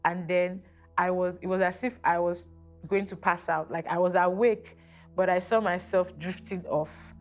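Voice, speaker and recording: Earnest woman with a lowish voice. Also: fairly even intonation, soft background music. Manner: measured, earnest. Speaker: interviewee. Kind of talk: personal testimony.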